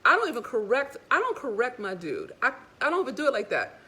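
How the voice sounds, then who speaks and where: Woman relationship coach, higher voice, sassy and preachy, casual motivational delivery. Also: quick pace. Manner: animated, preachy, sassy and frank with curses. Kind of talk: casual motivational talk to women viewers.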